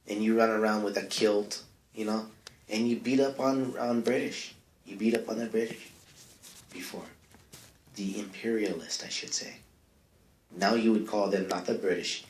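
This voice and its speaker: A man's voice: lowish voice, roomy sound, a little hiss or hum. A man as a comedic character, rambling through a mock history lesson in broken grammar with lots of fillers. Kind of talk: rambling comic monologue.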